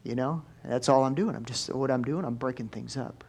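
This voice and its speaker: A male pastor preaching a lively sermon in church, swinging from soft asides to loud exclamations. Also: mid-range voice, a little fast, slight background noise. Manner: animated preaching with big swings in loudness.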